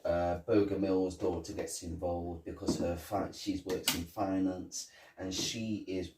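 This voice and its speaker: A man's voice: sits low, flat delivery, a little slow, very noisy. A man co-hosting a podcast, casually chatting about a film and retelling its scenes. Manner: retells scenes, acts out quotes. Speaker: podcast co-host. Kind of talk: casual film review chat. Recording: roomy, distant mic.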